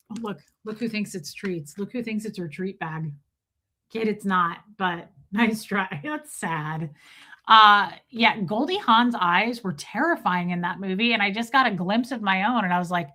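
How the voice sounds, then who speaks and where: A woman in her forties telling candid, rambling stories on a casual live stream, slipping into quick impressions of the people in them. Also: medium pitch, pushed and bright. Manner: candid, rambling storyteller, does voices of people.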